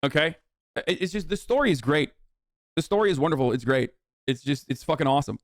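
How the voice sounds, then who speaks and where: A man's voice: a little high, expressive, fast talker, dry recording, clean studio sound. A man casually riffing as a streamer, reacting to posts with mocking, profane commentary.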